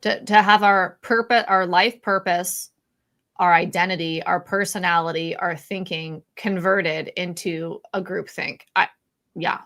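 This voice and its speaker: A woman's voice: fairly low pitch, steady tone, unhurried, a bit bright. A woman co-hosting a casual live-stream chat, speaking candidly, laughing often and restarting her sentences. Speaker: podcast co-host.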